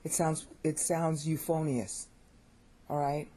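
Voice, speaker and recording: A woman's voice: low-pitched, steady tone, slow pace, warm tone. An American woman giving an informal pronunciation lesson, opinionated and repeating words as she thinks aloud. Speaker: language teacher.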